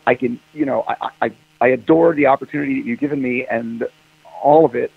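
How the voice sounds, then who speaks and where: A man's voice: medium pitch, brisk, gravelly, breathy edge, dry recording. A man, a rock singer, telling stories in a casual interview and acting out phone calls in quoted voices. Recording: dry tinny phone line.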